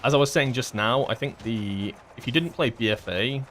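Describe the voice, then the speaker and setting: A man's voice: mid-range voice, moderate pace, fairly bright tone, a little hiss or hum. A man streaming a game and explaining mechanics in a casual, rambling way with lots of fillers. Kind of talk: casual gameplay commentary.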